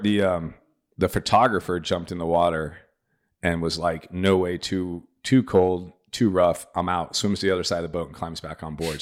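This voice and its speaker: A middle-aged man with a very low, deep voice, telling a story in a loose, chatty way. He acts out the lines other people said as he goes. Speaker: podcast guest. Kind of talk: casual storytelling.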